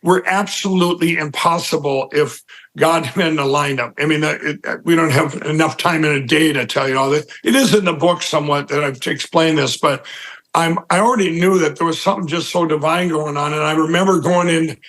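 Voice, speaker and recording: A man's voice: on the high side, steady tone, brisk, a bit bright, poor audio. A man giving an interview, telling a long personal story in a rambling way with lots of fillers and restarts, acting out the people he quotes. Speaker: interview guest. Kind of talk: conversational storytelling.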